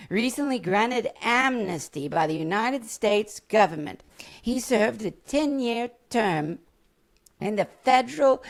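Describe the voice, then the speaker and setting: A man voicing a pompous male conspiracy podcast host with a slow, grave announcer delivery. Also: high-pitched, gravelly, full character voice.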